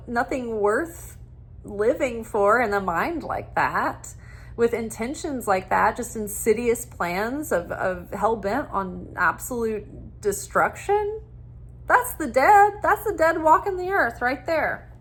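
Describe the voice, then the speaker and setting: A woman with a fairly high voice gives a casual spiritual talk. She is animated and blunt, and she swears freely as she rants with passion. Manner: impassioned ranting. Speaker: spiritual teacher.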